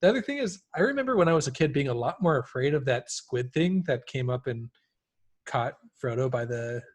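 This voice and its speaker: A man's voice: medium pitch, animated, fairly quick. A man co-hosting a podcast, casually recalling scenes from a book in an easygoing, chatty way. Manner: easygoing, storytelling chat with restarts. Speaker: podcast co-host.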